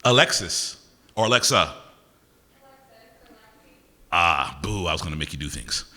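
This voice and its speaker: A deep male voice with big pitch swings comes across pushed and bright. The speaker, an older poet performing live at a university concert venue, trades playful, quick-witted banter with the audience between pieces, teasing them and asking for their names. Long reverb from the hall colors the recording.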